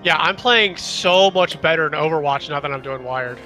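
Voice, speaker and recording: A man's voice: a little high, moderate pace, pushed and bright, soft background music. A young man streaming a shooter game, chatting casually with friends and swearing at his teammates. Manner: swearing, reacting to gameplay. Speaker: streamer playing an online shooter. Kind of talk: casual gaming chat.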